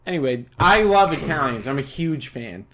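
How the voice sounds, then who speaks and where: Animated, profane man ranting. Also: on the high side, moderate pace, noisy background. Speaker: podcast co-host. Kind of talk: casual chat.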